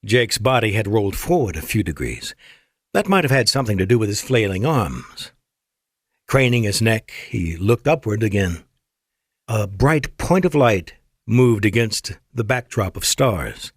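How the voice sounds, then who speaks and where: A man's voice: on the low side, big pitch swings, measured pace, no room sound, clean studio sound. Man narrating a sci-fi audiobook. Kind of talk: scripted narration.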